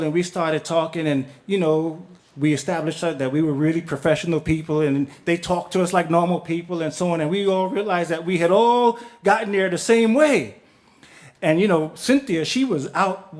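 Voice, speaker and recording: A man's voice: high-pitched, brisk. A middle-aged man telling a story on stage, casual and profane, acting out the people he quotes.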